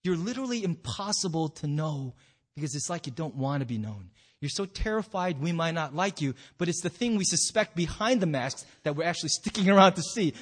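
A man's voice: on the high side, animated, a little fast, a bit bright. A man preaching as a pastor in a church hall, telling a story with playful acted-out quotes. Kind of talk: sermon.

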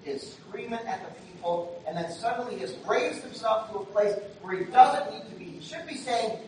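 Man, pastor, high voice, conversational sermon with loud emphatic bursts, far from mic in a very echoey church hall. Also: fairly quick. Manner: conversational preaching that swings between quiet asides and loud emphatic bursts. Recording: very echoey room from far off, faint noise.

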